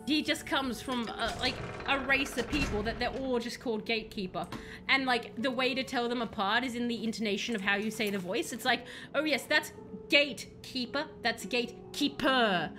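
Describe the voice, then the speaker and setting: A young woman streaming a video game, chatting casually with playful, rambling jokes. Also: sits high. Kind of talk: casual live-stream chat while playing.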